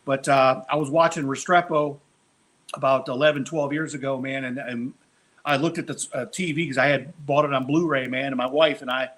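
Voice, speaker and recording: A man hosting a casual chat over a video call, telling stories in a loose, profane, animated way. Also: mid-range voice, moderate pace. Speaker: podcast host.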